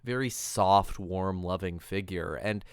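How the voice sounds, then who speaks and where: A man chatting as a podcast guest, animated and laughing, quoting film lines in bursts. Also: deep voice, takes it slowly, smooth, no room sound, studio quality. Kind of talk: casual chat.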